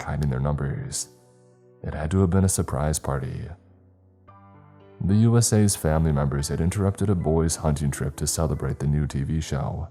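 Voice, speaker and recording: A man narrating a first-person horror story in a steady, measured reading. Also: a bass voice.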